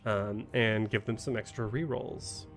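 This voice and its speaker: Brief: male game master, unhurried and halting, faint music under him. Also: on the low side, fairly even intonation. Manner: halting, full of ums and restarts. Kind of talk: narrating a tabletop game on a charity stream.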